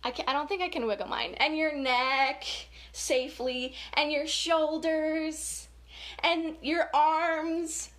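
A woman's voice: high-pitched, steady tone, slow, a bit bright. Upbeat, giggly woman leading kids' story time. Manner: upbeat, giggly, talking to kids. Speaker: children's story time educator. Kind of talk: children's virtual story time.

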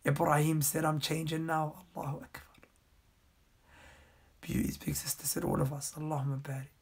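A young man preaching on a live stream, pleading earnestly in a hushed, breathy voice as he reads viewers' comments aloud. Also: a little high, flat delivery, normal speed. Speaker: Islamic preacher.

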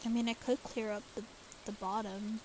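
A young woman streaming a game, chatting to herself in casual commentary with sudden loud outbursts. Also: medium pitch, level tone, normal speed, noisy background.

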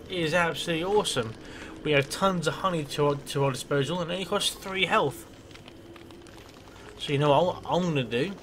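A man's voice: fairly high pitch, sharp tone, slight background noise. A man giving casual gameplay commentary as a let's play host, rambling, swearing freely and talking to himself.

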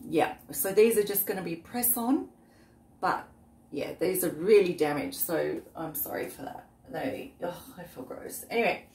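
Unwell woman chatting in a slow, rambling way. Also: mid-range voice, a little mellow. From Australia. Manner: chatty, rambling, often trails off into asides. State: unwell, coughing. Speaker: vlogger. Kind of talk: casual cooking vlog. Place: outdoors on a windy day. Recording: roomy, far from the mic, faint background noise.

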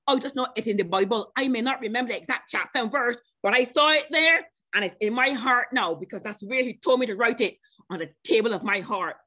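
A woman preaching a sermon at a church service, speaking personally to members of the congregation and stretching out slow scripture quotes between bursts of emphasis. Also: fairly high pitch, a bit bright. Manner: chatty, personal asides to named congregation members. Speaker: guest preacher.

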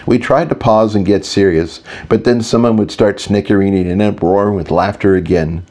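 A man narrating a fantasy audiobook in the first person with a steady, even delivery. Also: fairly low pitch, moderate pace.

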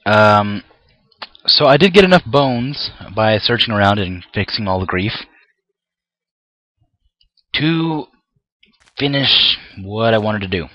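A man's voice: lowish voice, animated, slow, long pauses, sharp tone. A young man commenting on his own gameplay, often frustrated and ranting at the game with mild swearing. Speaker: gameplay video creator.

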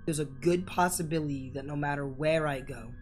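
A woman's voice: sits low, a little fast, soft background music. A woman narrating her own horror game playthrough with profane, jokey, dramatic commentary. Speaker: gaming YouTuber. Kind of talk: horror game let's play.

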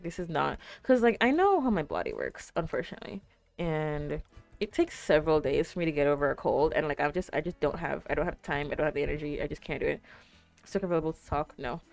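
A woman's voice: sits low, very animated, fairly quick, gravelly, a little mellow, faint music behind. A young woman streaming live, chatting casually with her viewers in a rambling way full of fillers. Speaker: Twitch streamer.

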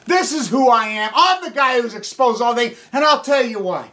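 Angry man ranting, swearing constantly, shouting then dropping low; high, piercing voice. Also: expressive, moderate pace. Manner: furious, profane, shouting, ranting; swings between yelling and low muttering. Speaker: anti-nuclear activist. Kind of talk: angry rant to camera.

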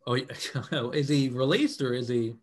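A man's voice: medium pitch, a little slow. A man co-hosting a sports talk show in a small studio, who talks in a hedging, easygoing way. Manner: hedging, full of "I mean" and "I don't know". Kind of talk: casual sports debate. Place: small public-access TV studio.

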